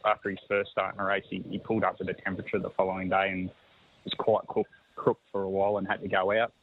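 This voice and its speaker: A man, a horse trainer talking over the phone in a halting, easygoing way that repeats words. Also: sits low, flat delivery, no echo. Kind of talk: phone interview. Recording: tinny phone line with faint noise.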